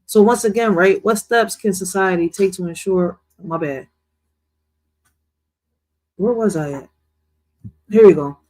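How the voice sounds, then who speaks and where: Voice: mid-range voice, unhurried, long pauses, darkish tone, rough recording. Rambling reaction host. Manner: rambling, slangy, restarts a lot. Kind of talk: casual reaction commentary.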